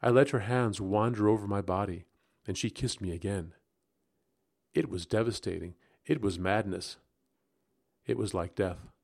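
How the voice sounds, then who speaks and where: A man narrating a gothic story aloud in the first person, expressive and rising into agitation at tense moments. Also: fairly low pitch, normal speed. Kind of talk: dramatic audiobook narration.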